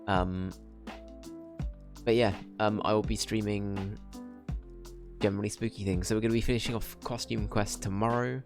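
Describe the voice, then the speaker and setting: A man with a lowish voice talks loosely to his stream viewers from a desk mic. He rambles, second-guesses himself and laughs at his own slips. Clear music plays underneath him. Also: little pitch movement, normal speed, pauses often. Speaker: game streamer. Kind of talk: casual chat to stream viewers. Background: background music.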